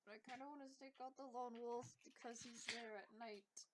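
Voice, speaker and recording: A young woman playing a tabletop game with friends, blunt and quick to swear. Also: a little high, fairly even intonation, background noise. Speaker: player.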